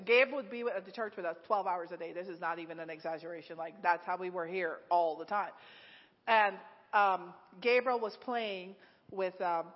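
A middle-aged woman preaching a sermon at her church, telling stories in a lively way with frequent laughs and lots of "like". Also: medium pitch. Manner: lively storytelling, laughs often, many "like"s. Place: church sanctuary. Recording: echoey hall, dull lo-fi sound.

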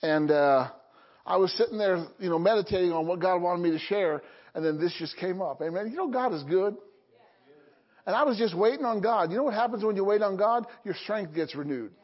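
A man's voice: high-pitched, animated, brisk. A man preaching a sermon to his congregation, checking in often with "Okay?" and "Amen?". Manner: call-and-response preaching, frequent "Okay?" and "Amen?". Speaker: pastor. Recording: dull lo-fi recording.

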